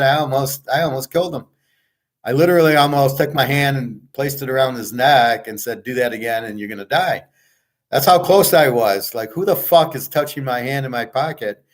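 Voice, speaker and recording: A man from the United States hosting a casual monologue, blunt and profane as he rants. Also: mid-range voice. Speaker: podcast host.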